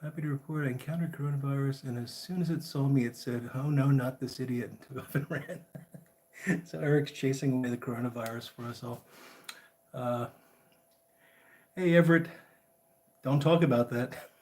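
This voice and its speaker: A man's voice: mid-range voice, normal speed, long pauses, slight background noise. A man with an ordinary mid-range voice hosts a casual live chat. He greets viewers one by one in an easygoing, friendly manner. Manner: chatty, greets viewers by name, relaxed and friendly. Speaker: livestream host.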